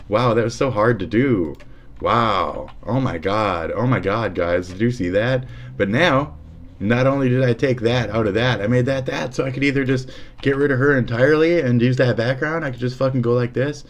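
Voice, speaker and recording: A man's voice: mid-range voice, moderate pace. A man live streaming as he shows off an editing program, rambling and swearing in a sarcastic, mocking way, often trailing off into mutters. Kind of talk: casual profane streaming chat.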